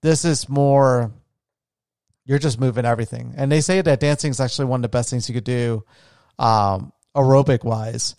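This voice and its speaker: A man's voice: mid-range voice, fairly even intonation, moderate pace, a little mellow, no room sound, clean studio sound. A young man talking casually about his day, rambling with many fillers and restarts. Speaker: vlogger. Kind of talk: casual personal talk.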